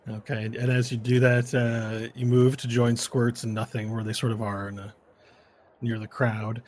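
A man's voice: medium pitch, little pitch movement, moderate pace, darkish tone, slight background noise. A man running a tabletop game as game master, checking rules and narrating the action in a playful way.

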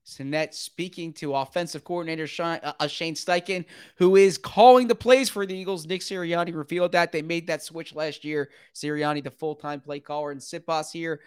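A man delivering play-by-play football commentary with a smooth, resonant voice pitched on the high side. He keeps a brisk running call going and surges upward whenever a big play breaks. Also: no echo, studio quality. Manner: brisk, rising sharply with excitement at big plays. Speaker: play-by-play announcer.

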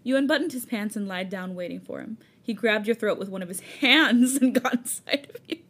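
A woman's voice: a little high, fairly quick, a bit bright. Woman, podcast co-host, casual read-aloud, giggly. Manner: giggly, breaks into laughter while reading. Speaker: podcast co-host reading fan fiction. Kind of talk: casual reading aloud with banter.

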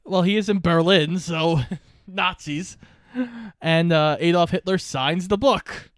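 A man co-hosting a podcast, casually recapping a movie's plot and tossing in quick quoted lines. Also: high voice, fairly even intonation, smooth, no echo, studio quality. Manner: recaps plot, quoting lines in offhand voices. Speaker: podcast co-host.

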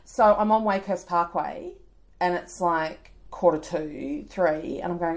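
Telling a story on the podcast she co-hosts, an Australian woman in her forties chats casually, laughing and performing character voices with lively energy. She speaks lowish at a measured pace, with a faint hiss or hum on the recording.

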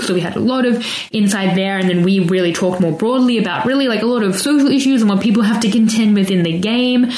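A woman's voice: mid-range voice, a little mellow, echoey room, rough recording. A woman with a mixed Australian accent hosting a podcast, chatty and enthusiastic in casual conversation. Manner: enthusiastic, chatty, laughs often. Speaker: podcast host.

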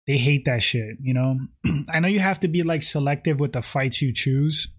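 A man's voice: fairly high pitch, normal speed. Rambling man reading live chat comments. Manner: rambling, heavy on "like" and "you know"; frequently clears his throat. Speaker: YouTube livestream host. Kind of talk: casual livestream chat, reading viewer comments.

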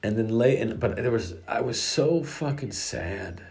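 A man's voice: medium pitch, lively intonation, a little slow, vocal fry, darkish tone. A middle-aged man casually telling a personal story about his daughters, rambling with many restarts and the odd curse.

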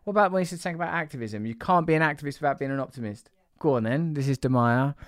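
A man's voice: fairly high pitch, rapid-fire, no echo, clean studio sound. A man hosting a podcast in loose, rambling chat, teasing his co-host and laughing often. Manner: playful, teasing, breaks into laughter.

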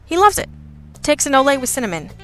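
Meet the cheerful, oblivious young man behind the café counter, as a woman reader puts him on. He talks in a breezy, chipper way, and the voice is bright and forward, with faint music behind it in this audiobook reading. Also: high-pitched, sing-song, quick pace, pitched above the performer's own voice. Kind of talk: audiobook character voice.

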